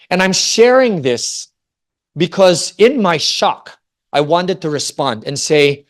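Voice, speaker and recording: Man from the Philippines, forties, Christian family speaker, storytelling, fairly high voice. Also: a little fast. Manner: storytelling, animated, asks the audience questions. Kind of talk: Christian family talk to an audience.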